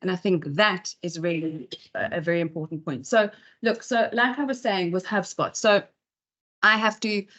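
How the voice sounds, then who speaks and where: A woman's voice: lowish voice, moderate pace, fairly bright tone. A woman speaker giving a chatty talk at an in-person event, full of fillers and asides. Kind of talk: conference talk.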